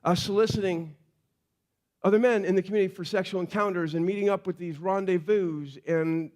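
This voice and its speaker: High-voiced man preaching a sermon. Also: fairly even intonation, brisk. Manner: conversational storytelling, drops to quiet emphasis. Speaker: pastor.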